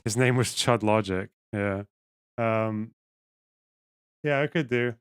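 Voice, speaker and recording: A man's voice: lowish voice, takes it slowly, smooth, no room sound. A man hosting a live stream, reading chat and making dry, wry remarks. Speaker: streamer, host.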